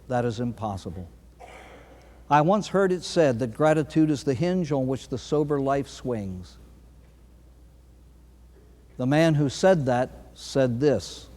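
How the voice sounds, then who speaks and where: A man, a priest, giving a recovery talk full of anecdotes, telling his stories dramatically with long pauses and sudden emphasis. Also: medium pitch, a little mellow. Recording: long hall reverb.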